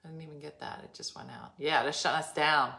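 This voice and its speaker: Woman, live-stream host, low voice, chatty and rambling at home. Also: fairly even intonation, a little fast, vocal fry, bright, forceful tone. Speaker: livestream host. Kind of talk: casual live-stream chat.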